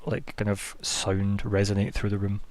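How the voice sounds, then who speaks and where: A man's voice: lowish voice, flat delivery, normal speed, darkish tone. A man narrating as game master of a tabletop game, rambling through scene descriptions with lots of fillers.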